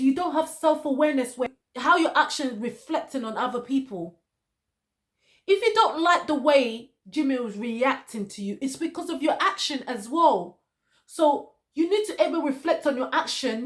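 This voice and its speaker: A woman reviewing a reality dating show, lecturing one cast member directly and repeating her points for emphasis. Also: high-pitched.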